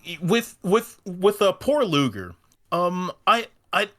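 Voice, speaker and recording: A man guesting on a casual podcast, talking in a halting way with many restarts. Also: high-pitched, very animated, sharp tone. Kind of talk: casual chat.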